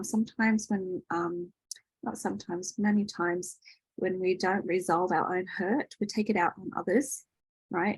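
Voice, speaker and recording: A woman leads an online healing workshop in a loose, chatty teaching manner, full of fillers and self-corrections. Her voice is husky and breathy at an everyday middle pitch. The sound is dry and close. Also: dry recording, poor audio. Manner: chatty, many fillers and restarts. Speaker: workshop host and energy healer.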